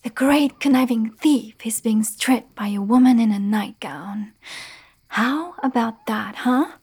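A woman's voice: fairly high pitch, takes it slowly, darkish tone, slight background noise. A young woman playing a defiant, haughty noblewoman with a sword in a whispered role-play. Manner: haughty, demanding.

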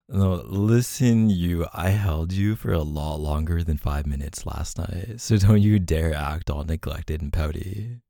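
Man, boyfriend role-play, affectionate teasing, dark mellow tone, gravelly fry. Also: deep voice, no room sound, clean studio sound. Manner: teasing, affectionate, laughing often.

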